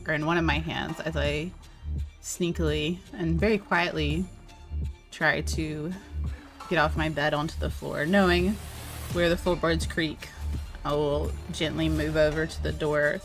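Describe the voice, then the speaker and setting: A woman player talks through her character's sneaky moves at a tabletop game, pausing to think as she goes. Her voice sits on the lower side for a woman. Soft music hums in the background. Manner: thinking aloud, hesitant.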